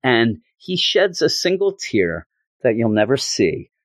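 Male podcast host, casual joking comic reviewer, mid-pitched, dry recording. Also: unhurried, dry recording. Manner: rambling, jokey, animated retelling.

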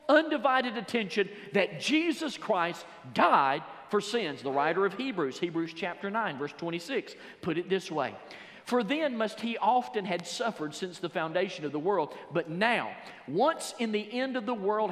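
Preacher with a ringing hall reverb. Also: male voice, high-pitched. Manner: rises to loud emphatic peaks, slows to stress words; quotes scripture and paraphrases it. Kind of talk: sermon. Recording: long reverb of a large hall.

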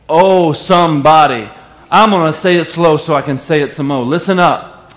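A man preaching a sermon with lively call-and-response and bits of song. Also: on the high side, moderate pace. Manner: animated preaching with call-and-response and sung lines. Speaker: pastor. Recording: echoey room.

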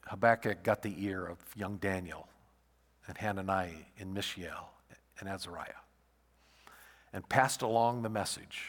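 A man preaching a sermon as pastor, halting and repeating words, then rising to loud emphatic peaks. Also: lowish voice, fairly even intonation. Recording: long hall reverb.

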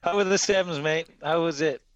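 A man's voice: fairly high pitch, a little fast, highs cut off. A man, a rugby commentator, chatting casually and teasing his co-hosts. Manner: teasing, banter-heavy. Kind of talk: casual chat.

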